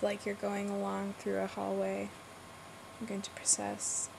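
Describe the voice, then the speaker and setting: A woman works slowly through a list of words and stops now and then to explain how she would say them. Her voice sits in a middle pitch. A faint noise runs under the recording. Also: completely flat delivery, creaky, rough recording. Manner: slow, thoughtful, breaks off to explain her pronunciation. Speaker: accent word-list reader. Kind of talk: casual reading of a word list with comments.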